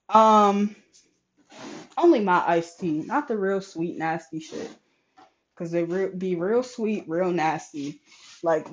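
Exasperated young woman venting frankly. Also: mid-range voice. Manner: frank and exasperated, heavy swearing, animated retelling. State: sore throat. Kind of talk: casual venting vlog. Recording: slightly dull lo-fi recording.

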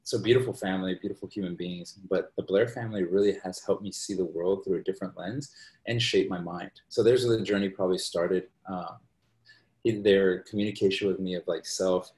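A man with a fairly low voice shares personal stories as a guest in a relaxed, rambling way. He keeps checking in with a quick "right?" after his points. The recording carries a noticeable roomy echo. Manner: rambling, tags sentences with "right?". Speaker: podcast guest. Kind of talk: casual storytelling conversation.

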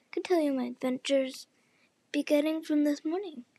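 A woman's voice: high-pitched, normal speed, warm tone. Curious timid storybook girl, read by a woman. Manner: timid, wondering. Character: curious polite young girl, storybook heroine.

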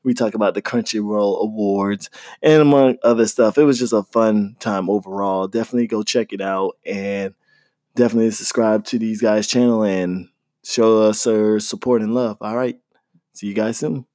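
Relaxed male host, slangy and easygoing, mellow tone, dry close mic. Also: lowish voice, normal speed, no room sound. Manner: laid-back, slangy hype talk. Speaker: podcast host. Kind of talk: casual podcast chat.

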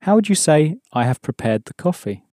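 Calm man teaching a language lesson. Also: a little high, fairly quick, no echo, studio quality. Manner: patient, explains step by step, prompts the learner.

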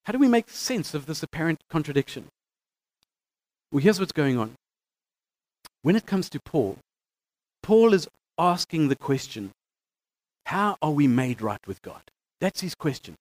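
High-voiced man teaching scripture. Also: a little slow, pauses often. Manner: animated, reads scripture aloud with emphasis, frequent restarts. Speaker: bible teacher.

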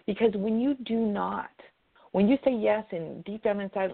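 Gravelly woman on a tinny line. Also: medium pitch, moderate pace. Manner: earnest, repeats herself, restarts sentences. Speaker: guest. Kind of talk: casual advice chat.

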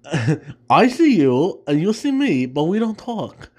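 A man putting on an impression of a famous film actor, speaking slowly with odd pauses and sudden emphasis. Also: fairly high pitch, big pitch swings, husky, exaggerated voice. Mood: deadpan.

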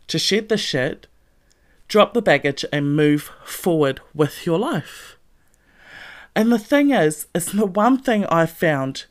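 A woman giving a motivational talk, blunt and profane, lively and emphatic. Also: lowish voice. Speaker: motivational podcast host.

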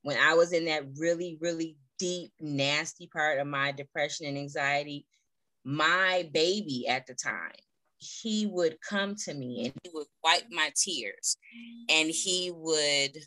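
A woman's voice: low voice, unhurried, sharp tone, no echo, rough recording. A woman in her thirties telling a personal story as an interview guest on a video call, earnest and heartfelt, with many fillers.

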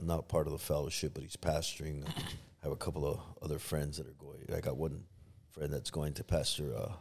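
A man's voice: a bass voice, creaky, a little mellow, breathy edge. A middle-aged man, a pastor, telling a personal story in a podcast interview, with many restarts, acting out what others said. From Los Angeles area. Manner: storytelling, acts out quoted voices, many restarts.

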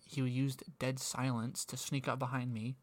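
A man's voice: medium pitch, flat delivery, moderate pace. Man, podcast host, casual chat, rambling, restarts mid-sentence. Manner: rambling, self-interrupting storyteller.

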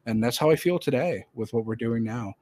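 A man hosting a casual podcast, telling a personal story in a rambling, animated way with many fillers and restarts. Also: medium pitch, brisk. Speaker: podcast host.

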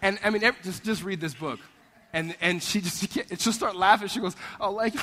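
Lively high-voiced man preaching in a hall. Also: brisk, slight background noise. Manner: animated, conversational storytelling with repeated "right?". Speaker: pastor. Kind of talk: sermon. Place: church sanctuary.

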